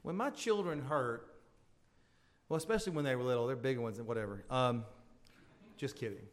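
A male pastor delivers a sermon at a medium pitch and moderate pace. He swells into emphatic appeals, then drops into soft, intimate asides.

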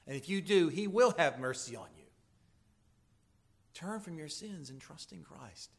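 A man's voice: on the high side, animated, a little slow, creaky, husky. Earnest man preaching a sermon. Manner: earnest and pleading, swinging from loud emphasis to hushed intensity. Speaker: pastor.

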